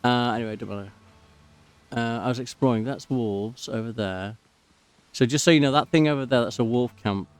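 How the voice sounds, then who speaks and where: A man's voice: mid-range voice, moderate pace, clear, resonant tone. A man rambling and drifting off topic while giving casual commentary as he plays a game. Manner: rambling, digressive, easily sidetracked. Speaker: gaming channel host.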